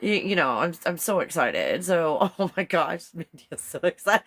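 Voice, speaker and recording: Chatty woman hosting a live stream, kinda low voice, rambly, giggles a lot. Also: normal speed. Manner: giggly and rambling, laughs often; chatty and excitable. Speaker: live show host. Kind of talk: casual live-stream chat.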